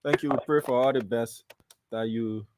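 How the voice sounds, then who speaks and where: A man hosting a live call-in radio show, briskly prompting each caller with short cues. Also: medium pitch, steady tone, darkish tone. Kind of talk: taking calls on live radio.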